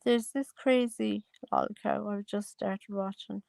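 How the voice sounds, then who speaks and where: A woman in her thirties chats through her opinions, breaking into exclamations and laughs. Her voice has a gravelly edge. The sound is dry and close. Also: medium pitch, fairly even intonation, takes it slowly, a little mellow, dry recording. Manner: gossipy, exclaims and laughs often. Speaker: commentary vlogger. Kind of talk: casual chat.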